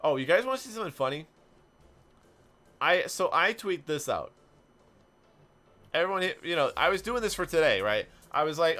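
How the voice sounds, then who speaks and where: A young man streaming a game, telling stories in an animated way and chatting to his viewers. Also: medium pitch, faint music behind. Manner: animated storytelling, quick asides to chat. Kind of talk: casual stream commentary while playing.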